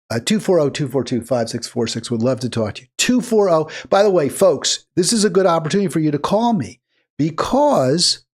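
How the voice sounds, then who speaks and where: A man's voice: high voice, darkish tone. A man hosting a call-in political talk show, speaking in a rambling way with fillers and restarts. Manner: rambling, fillers and restarts, mimics other voices in quotes. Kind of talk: political talk radio monologue.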